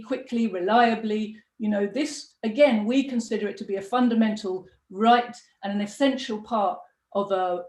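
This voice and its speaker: A woman's voice: mid-range voice, darkish tone. A middle-aged woman hosting a political broadcast, talking in a passionate, emphatic, conversational way. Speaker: party deputy leader hosting a live broadcast. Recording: echoey room.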